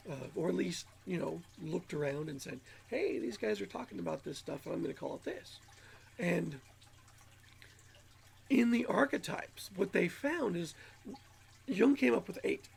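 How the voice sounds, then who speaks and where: On his channel, a high-voiced man with vocal fry delivers a rambling, musing self-help monologue, often repeating words. He sounds a little nasal from allergies, and slight background noise is audible.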